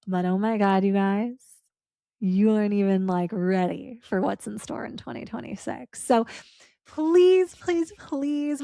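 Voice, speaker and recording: A woman's voice: mid-range voice, darkish tone, no echo, studio quality. A young adult woman hosting her own podcast, talking in a heartfelt, effusive and chatty way, with casual fillers and the odd swear word. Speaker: podcast host. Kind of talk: casual solo podcast reflection.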